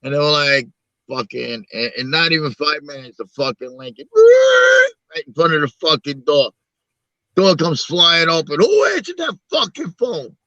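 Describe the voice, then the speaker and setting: A man's voice: on the high side, big pitch swings, moderate pace, pushed and bright, no room sound, highs cut off. A middle-aged man from Long Island, hosting a live-stream and telling blunt, profane street stories. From Long Island, New York. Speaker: show host. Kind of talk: casual live-stream talk.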